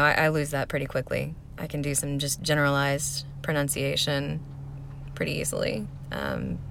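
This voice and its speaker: A woman's voice: low-pitched, creaky, noisy background. Chatty woman, slight Southern accent. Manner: chatty, rambling, with fillers. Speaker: vlogger. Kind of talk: casual accent-tag vlog, reading aloud.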